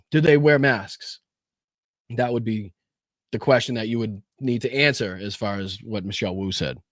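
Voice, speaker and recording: A man's voice: lowish voice, steady tone, brisk, a bit bright, dry recording, clean studio sound. A man with a Boston accent hosting a live stream and reacting to news clips, sarcastic, blunt and profane. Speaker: live-stream commentary host.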